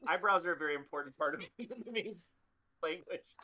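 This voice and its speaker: A man's voice: on the high side, a little fast, pushed and bright. A man from the chatting casually on a stream, rambling with frequent restarts and laughs. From Southern United States. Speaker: stream guest. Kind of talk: casual chat.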